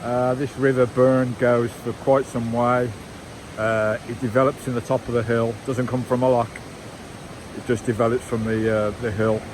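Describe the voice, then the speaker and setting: A man walks a wet woodland trail and rambles to his viewers in casual vlog chat. He keeps calling out to them and to his dog, his voice at a middling pitch. The outdoor recording carries a clear layer of background noise. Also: level tone, normal speed. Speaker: vanlife vlogger. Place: outdoors on a wooded hillside trail by a stream.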